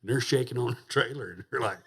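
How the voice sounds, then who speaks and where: A gravelly, slightly rough mid-range voice moves at a quick pace. It belongs to a rodeo champion on a podcast who chats casually, laughing through a rowdy, profane story.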